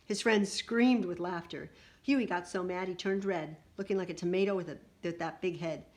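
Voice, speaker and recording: Woman, storybook read-aloud, lively first-person narration, low-pitched voice, little asides. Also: normal speed. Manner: animated, with little asides to listeners. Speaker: storyteller reading a book aloud. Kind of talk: expressive picture-book reading.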